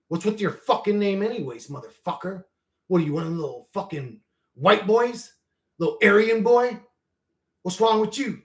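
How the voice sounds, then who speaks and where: A man talks on his own livestream, reacting to viewers' comments in a loose, rambling way. He swears freely and gets heated. His voice sits a little high and swings widely in pitch. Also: expressive, moderate pace. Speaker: channel host reading live chat. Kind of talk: casual livestream chat.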